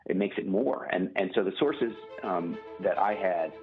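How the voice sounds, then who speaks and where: A man, a journalist and author, speaking as a guest in a phone interview, measured and halting, with many pauses and restarts. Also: low voice, soft background music. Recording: tinny phone line.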